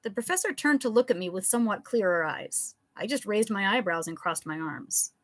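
A woman reading her own absurd comic story aloud in a live reading, telling it with expressive, animated delivery. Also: medium pitch, a little fast, no room sound. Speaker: author and reader.

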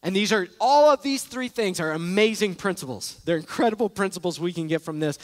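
A man with a notably high voice delivers an earnest, emphatic sermon as a pastor. He drives his points home by repeating key phrases, and his voice rings through the long echo of a large church sanctuary. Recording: echoey church hall.

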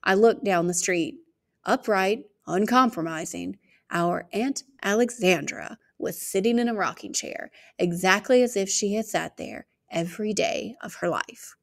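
Woman narrator for an audiobook read-aloud, steady delivery, noticeable vocal fry. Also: medium pitch, a little slow. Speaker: reader. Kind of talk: reading a novel aloud.

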